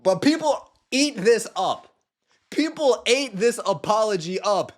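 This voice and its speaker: Man, podcast host, high voice, sarcastic sports rant, scornful. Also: lively intonation, a little slow. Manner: sarcastic and scornful, mocking quotes in put-on voices. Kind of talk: ranting sports commentary.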